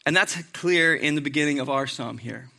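A man's voice: on the high side, moderate pace, vocal fry, sharp tone. A man preaching a sermon in a conversational way, with joking asides to the congregation.

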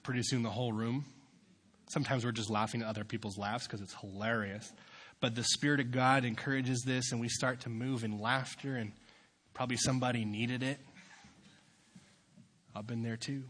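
Young male youth pastor, bright forceful tone, sermon delivery with fervent peaks and quiet asides. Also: mid-range voice, steady tone, brisk, long pauses, slight background noise. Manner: swings from quiet asides to loud, fervent preaching.

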